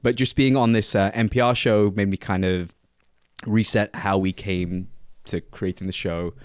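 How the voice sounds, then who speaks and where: A man's voice: on the low side, fairly even intonation, normal speed, smooth, dry recording, clean studio sound. A man co-hosting a casual podcast, reading listener comments aloud and laughing between them. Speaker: podcast co-host.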